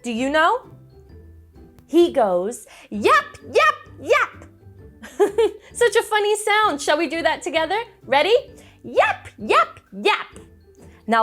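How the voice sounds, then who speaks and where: Young woman storyteller for kids, slightly high, very lively, unhurried, soft music behind. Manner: animated, coaxing, with gasps and playful animal noises. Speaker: children's storyteller. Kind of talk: interactive storytelling for children.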